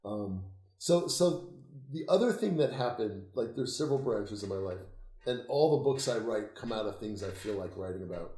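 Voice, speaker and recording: An older man with a fairly low voice tells stories as an interview guest. He is animated and often laughs, and he swears freely. The room gives his voice a roomy echo. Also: moderate pace. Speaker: interview guest, occultist author. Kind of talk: casual storytelling conversation.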